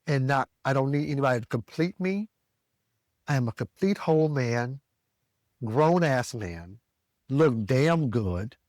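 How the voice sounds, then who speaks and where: A man from the American South telling a story as a podcast co-host, animated and profane, jumping higher when he quotes himself. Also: unhurried, no echo, clean studio sound. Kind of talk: casual storytelling rant.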